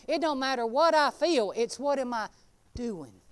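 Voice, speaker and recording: A woman delivers a casual sermon, her voice pitched high. She talks in a folksy, animated way and calls out people in the congregation by name. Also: normal speed. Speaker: preacher. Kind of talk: informal sermon.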